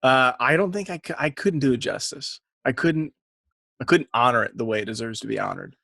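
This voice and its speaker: A man's voice: medium pitch, lively intonation, fairly quick, pushed and bright, dry recording. Rambling, laughing male podcast co-host. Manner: rambling, laughs often, self-deprecating. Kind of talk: casual podcast chat. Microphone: podcast mic.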